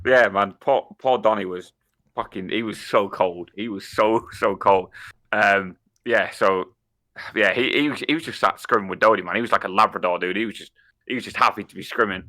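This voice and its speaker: A man's voice: lowish voice, normal speed, sharp tone. A young man co-hosting a podcast in casual chat, swearing a lot, laughing and stumbling over his words. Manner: swearing, laughing, stammering restarts. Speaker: podcast co-host.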